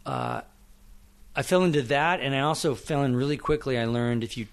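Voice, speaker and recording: A man's voice: medium pitch, fairly quick, clean tone. A middle-aged man from Oklahoma, a screenwriter and director, chatting casually in an interview and acting out the people he quotes. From Oklahoma, USA. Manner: animated storyteller, acts out quotes, laughs often.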